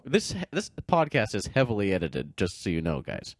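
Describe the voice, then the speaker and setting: A man's voice: low voice, huge pitch swings, moderate pace, slightly rough, no echo, studio quality. A man co-hosting a podcast in a casual chat, goofy and joke-telling, laughing a lot. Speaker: podcast co-host.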